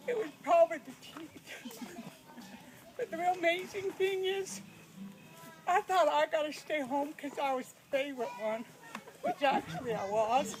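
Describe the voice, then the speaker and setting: A woman playing a folksy, plainspoken rural storyteller, telling a comic tale with drawling, giggling asides. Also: high voice. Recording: noisy recording.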